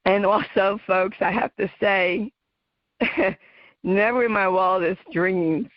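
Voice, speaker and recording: This middle-aged American woman hosts her own radio show, speaking to listeners in a heartfelt, emotional, personal way and laughing often. Her voice sits at medium pitch. The audio is a muffled, dry home recording.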